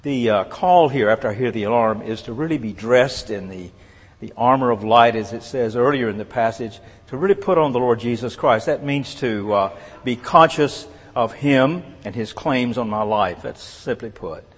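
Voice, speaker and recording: Husky guy preaching, earnest n measured, lines trail off soft, big echoey church hall. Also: medium pitch. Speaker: pastor. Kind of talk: sermon. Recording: long reverb of a large hall.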